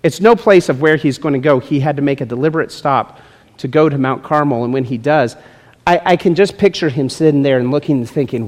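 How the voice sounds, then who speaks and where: A male pastor preaching a sermon with lively, joking asides to people in the congregation. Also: on the high side, fairly quick. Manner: lively, jokes with congregation members by name. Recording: long reverb in a large hall.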